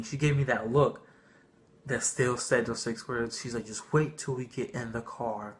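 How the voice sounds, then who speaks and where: A young man telling a funny childhood story in a casual vlog, animated and swearing freely. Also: medium pitch. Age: young adult. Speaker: vlogger.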